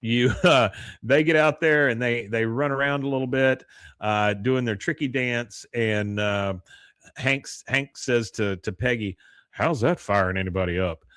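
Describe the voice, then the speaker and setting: A man's voice: mid-range voice, measured pace, fairly bright tone, clear, resonant tone, no echo, studio quality. Rambling man recapping with laughter. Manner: rambling recap, laughs often, acts out lines. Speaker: podcast co-host recapping an episode. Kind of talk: casual chat.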